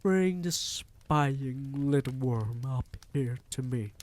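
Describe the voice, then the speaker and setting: A man's voice: medium pitch, takes it slowly, a little mellow, voice pushed up, close to an everyday voice. A man voicing a cruel female witch leader who shrieks orders, in a storybook reading. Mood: shouting. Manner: screeching commands.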